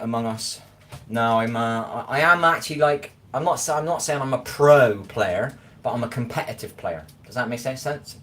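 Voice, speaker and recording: A Scottish man with a mid-range, slightly bright voice livestreams from his home kitchen, with a little hiss or hum in the audio. He chats casually and rambles, repeatedly asking "do you know what I mean" to check he's understood.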